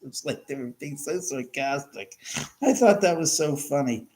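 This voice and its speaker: A man's voice: fairly high pitch, expressive, moderate pace, darkish tone. A middle-aged man hosting a casual livestream, chatting and rambling as he answers viewer comments, laughing often and restarting sentences. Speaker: livestream host.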